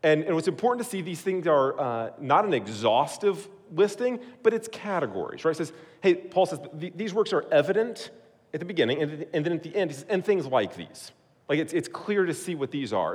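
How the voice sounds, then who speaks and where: A man preaching a sermon as pastor, animated, swinging from loud emphasis to hushed prayer. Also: a little high. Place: church hall. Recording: preached in a hall with long reverb.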